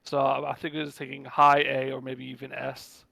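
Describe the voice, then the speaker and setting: Male, hoarse and gravelly, hesitant and halting. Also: mid-range voice, completely flat delivery, bright, forceful tone, dry recording. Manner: hesitant, halting, many restarts. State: losing his voice, hiccups. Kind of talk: casual group chat.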